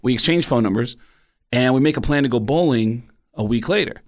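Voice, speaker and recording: Man telling a lively story. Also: a little fast. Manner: animated storyteller, jumps into high excited voices for quoted people. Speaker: comedian guest. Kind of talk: casual storytelling interview.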